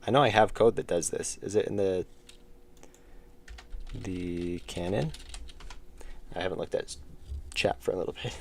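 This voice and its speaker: Low gravelly man thinking aloud. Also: moderate pace, pauses often, slight background noise. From United States. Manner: thinks aloud, mumbles while working, chats with viewers. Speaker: game developer streamer. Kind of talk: casual live-stream commentary while coding.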